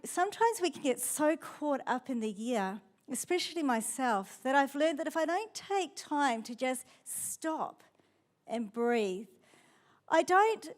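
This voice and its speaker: A middle-aged woman pastor with a New Zealand accent, preaching a sermon in a chatty, storytelling way. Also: high voice.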